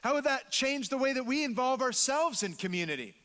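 A man's voice: very high voice, lively intonation, a little fast, bright, forceful tone, long reverb tail. A man preaching a sermon in a church, emphatic, repeating words and acting out quotes. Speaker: pastor.

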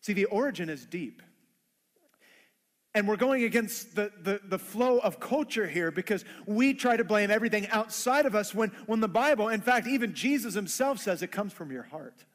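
A man's voice: sits high, expressive, moderate pace, big-room sound. A man preaching a sermon who acts out everyday conversations in playful voices. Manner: acts out dialogue in funny voices. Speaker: pastor.

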